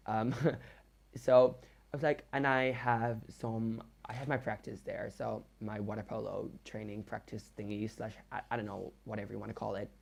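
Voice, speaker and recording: Young man, Dutch accent, non-native English; casual rambling voiceover, halting and self-deprecating. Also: mid-range voice, gravelly, a little mellow. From Netherlands. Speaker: game builder.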